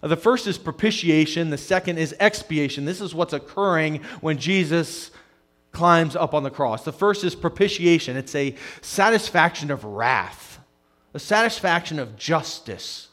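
A male pastor preaching a conversational sermon, swinging from loud emphatic stretches to hushed, quiet ones, and often repeating words as he starts a phrase. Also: a little high, expressive, moderate pace.

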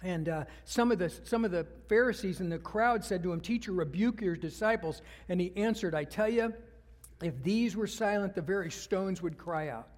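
High-voiced preaching man in a reverberant hall. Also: moderate pace. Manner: conversational, asks the congregation questions. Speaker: pastor. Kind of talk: sermon.

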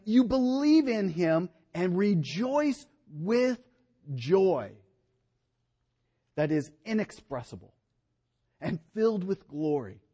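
A middle-aged male pastor delivers a sermon with animation, his high-pitched voice rising and falling for emphasis.

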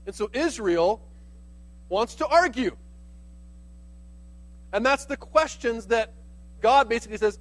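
A man's voice: very high voice, expressive, unhurried, pauses often, poor audio. A man preaching a sermon as pastor, in a conversational, explaining manner with casual asides.

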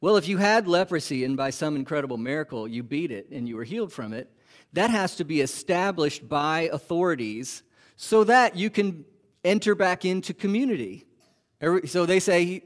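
A man preaching a sermon as pastor, animated and asking the congregation rhetorical questions. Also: high voice, moderate pace.

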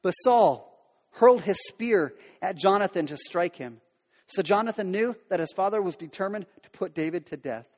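Man, preacher, high voice, casual storytelling sermon, echoing hall. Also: lively intonation, normal speed, darkish tone. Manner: conversational, with modern asides. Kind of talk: sermon, retelling a Bible story.

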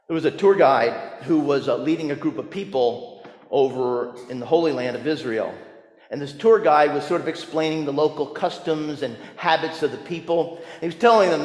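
A man preaching a sermon as pastor, telling stories with humor, rising to emphatic points and dropping soft. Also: a little high, normal speed. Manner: storytelling with humor, emphatic rises and soft drops. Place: church sanctuary. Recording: roomy church with long reverb.

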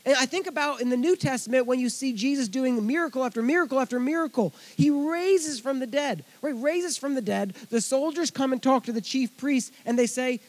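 A male pastor teaching through a Bible passage in an animated sermon voice that runs high for a man. He mixes scripture reading with chatty asides to the congregation, rising to loud emphasis and dropping to quiet remarks. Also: brisk, hardly any pauses.

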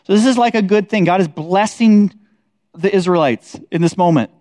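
A man's voice: high-pitched, normal speed, a little mellow, no echo, clean studio sound. A man leading a casual Bible study, talking conversationally and often checking in with his listeners. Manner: conversational, many "like" and "right?" tags.

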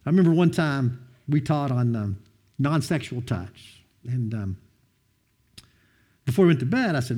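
A middle-aged man preaching a sermon, telling personal stories with an animated, storytelling delivery. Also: mid-range voice, unhurried, long pauses, husky. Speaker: pastor.

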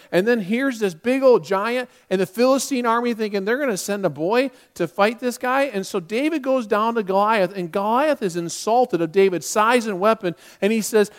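A man preaching a sermon, retelling a story with lively, acted-out dialogue. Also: extremely high pitch, normal speed, few pauses. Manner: animated retelling with quoted dialogue. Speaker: pastor.

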